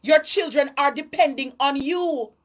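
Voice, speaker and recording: High-voiced Jamaican woman lecturing parents. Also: a little slow. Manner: emphatic, lecturing, slips into patois. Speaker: online commentator. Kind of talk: preachy social commentary monologue.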